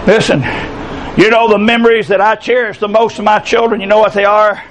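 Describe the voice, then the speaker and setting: A middle-aged man preaching a sermon, with impassioned delivery that swells into shouted emphasis. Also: sits high, fairly even intonation, fairly quick, background noise.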